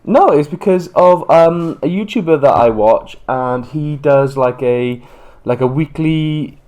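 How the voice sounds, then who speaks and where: Chatty British man, slightly high voice. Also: darkish tone. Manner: chatty, rambling, quick asides. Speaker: podcast co-host. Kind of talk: casual chat.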